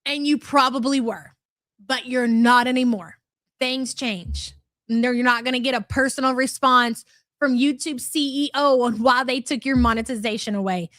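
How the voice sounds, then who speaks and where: A woman with a high voice hosts a commentary livestream, reading super chats aloud. She talks in a sarcastic, incredulous, teasing way. Her voice sounds dry and close to the mic. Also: steady tone, moderate pace, fairly bright tone, no room sound. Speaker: commentary channel host.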